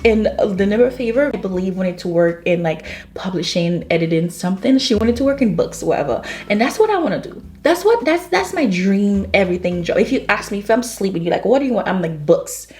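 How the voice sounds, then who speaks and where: In an echoey room near her kitchen, a young book vlogger chats casually about books she has read, bubbly and rambling with lots of fillers and laughter. Her voice is medium-pitched with a darkish tone.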